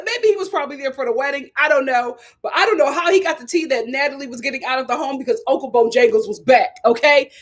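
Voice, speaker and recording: Sassy animated woman live-streaming. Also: high voice, fast talker, hardly any pauses. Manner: sassy, animated, talks straight to her viewers. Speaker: live show host reviewing a reality series. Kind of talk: casual live-stream commentary.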